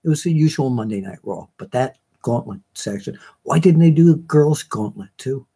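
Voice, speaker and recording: Mellow-voiced man hosting a chatty live show. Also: medium pitch, expressive, normal speed, breathy edge. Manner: chatty, rambling, with many fillers and self-corrections. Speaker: host of a live online wrestling show. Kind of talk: casual live chat reading viewer comments.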